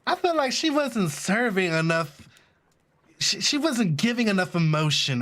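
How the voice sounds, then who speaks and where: Male streamer doing relaxed, sassy let's-play commentary, unhurried delivery. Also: high-pitched. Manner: sassy, laughing asides, reads game text aloud. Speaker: gaming streamer.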